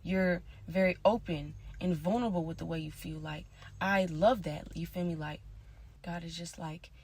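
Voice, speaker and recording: A woman talking in a casual confessional monologue, rambling and slangy with constant fillers, drifting between soft mutters and louder bursts. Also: lowish voice, normal speed, breathy edge. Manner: rambling, slangy, many "like" and "you feel me". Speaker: vlogger.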